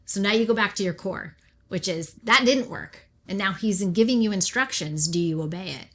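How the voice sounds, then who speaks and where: A woman's voice: medium pitch, fairly quick. A middle-aged woman from Oregon, a pastor telling her personal faith story as an interview guest, acting out the remarks she quotes. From Oregon, USA. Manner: animated storyteller who acts out her own and others' remarks.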